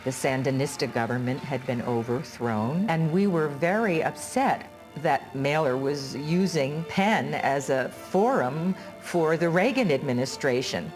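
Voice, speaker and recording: A woman feminist writer in a documentary interview, recalling events in an earnest, measured way. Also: low voice, animated, a little mellow, soft background music.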